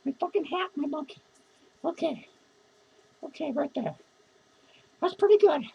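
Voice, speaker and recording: A drunk, lonely clown lady, played by a woman, rambling and cursing through a character vlog. Her voice sits very high and squeaky. The recording sounds dull and lo-fi. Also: animated, measured pace, vocal fry, full character voice. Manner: rambling, profane, giggly. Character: drunk, lonely, foul-mouthed female clown.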